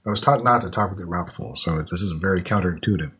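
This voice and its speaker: A man talks casually in a low, husky voice. He muses and thinks out loud, trailing off into fillers as he goes. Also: fast, few pauses. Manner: chatty, thinks aloud with fillers while eating. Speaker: podcast host tasting snacks. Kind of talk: casual chat.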